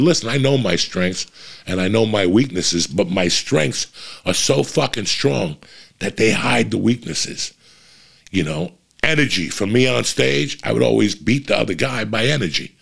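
A man's voice: mid-range voice, fairly bright tone. A middle-aged man, a comedian hosting his own podcast, giving a blunt, profane motivational monologue. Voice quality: gravelly. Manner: blunt, profane, fired-up ranting.

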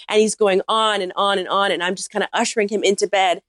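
A woman, a podcast guest, telling a comic story in a casual, animated way with lots of "like.". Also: mid-range voice, quick pace, few pauses, dry recording, clean studio sound. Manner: animated anecdote-teller, heavy use of "like".

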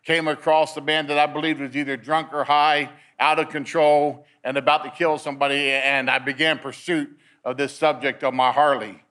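A man's voice: fairly high pitch, little pitch movement, moderate pace, bright, forceful tone. A man giving a personal testimony at a men's meeting, telling his story in a storytelling way and repeating words as he gets caught up in it.

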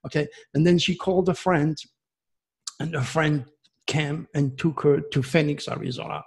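Rambling male storyteller, gravelly and husky. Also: fairly high pitch, normal speed. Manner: rambling, excitable, many restarts. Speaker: caller telling a personal story. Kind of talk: casual storytelling.

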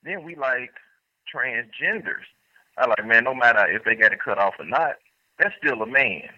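A man's voice: medium pitch, expressive, normal speed, pushed and bright, no room sound. A man calling in to a talk show, telling a rambling story with restarts and bursts of laughter. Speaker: caller. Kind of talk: call-in storytelling. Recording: dull lo-fi phone line.

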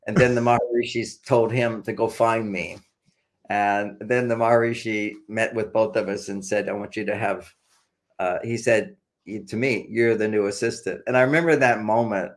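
A man's voice: fairly low pitch, moderate pace. Man telling a story casually. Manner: animated, laughing, acts out quotes in a raised voice. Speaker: podcast guest.

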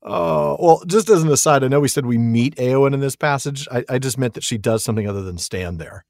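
A man's voice: medium pitch, a little fast, creaky, darkish tone, dry recording, clean studio sound. A man co-hosting a casual podcast, chatty and laughing, retelling events with wry jokes. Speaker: podcast co-host. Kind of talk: casual chat.

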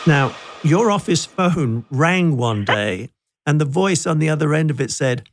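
A man with a gravelly, creaky voice hosts a podcast in easy casual chat. He laughs often as he tells stories. The sound is dry and close. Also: a little high, animated, measured pace, no room sound. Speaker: podcast host.

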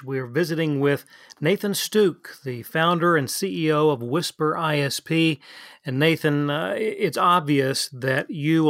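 Slightly high-voiced podcast host man. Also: fairly bright tone, dry recording, clean studio sound. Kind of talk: show introduction and interview question.

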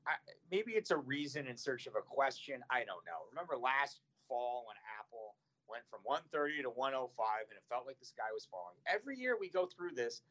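A man's voice: mid-range voice, brisk, few pauses. Exasperated man ranting about markets, muffled. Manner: animated, exasperated. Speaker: investment manager. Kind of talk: casual finance chat.

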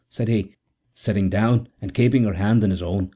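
A man reading a story aloud in measured, even narration. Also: lowish voice. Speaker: audiobook narrator. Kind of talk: scripted narration.

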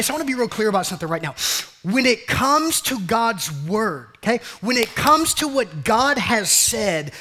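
A man's voice: high voice, bright, forceful tone. A man preaching a sermon as pastor, repeating his points and calling his listeners family and beloved. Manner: repeats phrases, calls listeners family and beloved, acts out jokey quotes.

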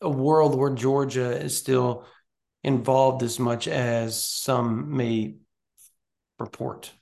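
A man's voice: medium pitch, steady tone, takes it slowly, gravelly, darkish tone. A man co-hosting a recruiting podcast, chatting casually and animatedly, often restarting his sentences. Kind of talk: casual sports chat.

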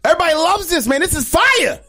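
A man playing an excited radio producer who talks in a hyped way. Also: very high-pitched, fast talker, soft background music, voice pushed up, heavily acted.

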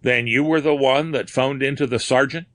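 Reader doing probing detective, incredulous, a bit raised, bright. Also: male voice, mid-range voice, steady tone, moderate pace, no room sound, pitched above the performer's own voice, lightly acted. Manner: questioning, incredulous. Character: puzzled, probing detective man.

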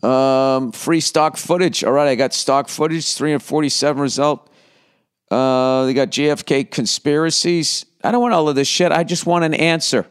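Smooth-voiced man on a profane comic rant. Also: a little high, normal speed. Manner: profane, rambling, jumps between asides with mock outrage. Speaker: comedian and podcast host. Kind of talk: casual comedic rant.

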